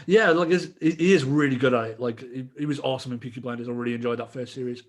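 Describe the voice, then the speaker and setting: A man's voice: mid-range voice, fast. A man chatting casually on a podcast, agreeable and hesitant with many ums. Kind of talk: casual chat.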